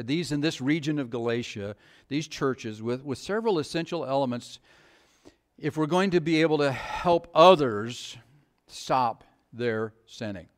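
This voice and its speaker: A middle-aged male pastor preaching a sermon, asking the congregation rhetorical questions in a conversational way. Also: a little high.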